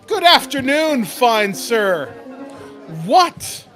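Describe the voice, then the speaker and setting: A man voicing a crude, jolly male gnome barkeep who speaks loudly and bawdily. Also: very high voice, sing-song, very slow, soft background music, some chatter behind, voice pushed up, heavily acted. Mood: rowdy. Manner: boisterous, bawdy, laughing.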